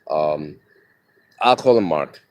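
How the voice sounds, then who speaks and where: A man's voice: very deep voice, animated, takes it slowly, low-quality recording. A middle-aged man telling a personal story live in a candid, profane, rambling way, outdoors by a street on a phone.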